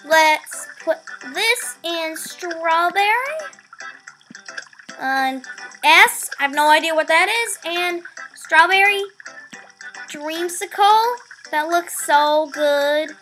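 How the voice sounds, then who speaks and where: A female gamer giving excitable let's play commentary, often stumbling over her words. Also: very high voice, extremely slow, pauses often, faint music behind.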